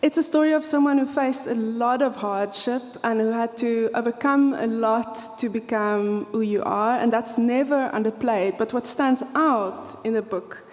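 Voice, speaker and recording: A woman's voice: fairly high pitch, moderate pace, hardly any pauses, darkish tone. A woman moderating a live festival panel, reading her notes and asking a guest about a book. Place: festival event hall. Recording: live hall with reverb.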